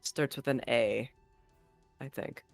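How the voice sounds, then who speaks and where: A man playing in a tabletop game, speaking in character hesitantly with many pauses and ums. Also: medium pitch, steady tone, gravelly, no echo, soft background music. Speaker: player. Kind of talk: tabletop role-play, in character.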